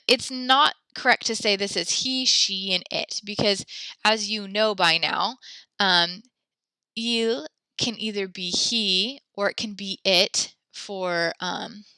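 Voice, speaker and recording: A cheerful woman leads a French lesson from home, spelling out verb endings letter by letter. Her voice is bright and crisp, with a dry, close sound and no room around it. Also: mid-range voice, dry recording. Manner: upbeat, spells letter by letter, talks to students. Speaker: French teacher. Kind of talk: online class lesson.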